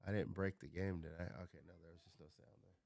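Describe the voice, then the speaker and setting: A man livestreaming a video game, chatting casually and thinking out loud as he plays. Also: low-pitched, fairly even intonation, fast, creaky, dry recording. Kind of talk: casual gameplay commentary.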